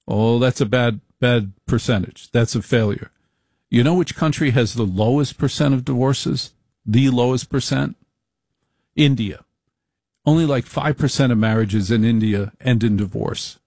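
Gravelly, dry-toned wry man. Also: mid-range voice, normal speed, dry recording. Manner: wry, deadpan storytelling. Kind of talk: casual comedic monologue.

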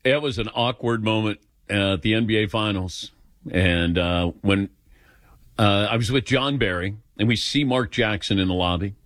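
A man's voice: lowish voice, normal speed, no echo, studio quality. A man hosting a sports call-in radio show, telling a story and acting out the voices in it. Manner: animated, acts out voices in anecdotes. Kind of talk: casual storytelling and taking calls. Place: radio studio.

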